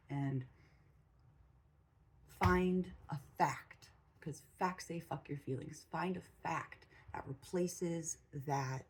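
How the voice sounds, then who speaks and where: A spiritual channel host sits in a room at home with a cat, delivering blunt, profane spiritual advice in a casual monologue and repeating phrases for emphasis. Her voice is deep, creaky, slightly rough and a little mellow, and the recording is rough.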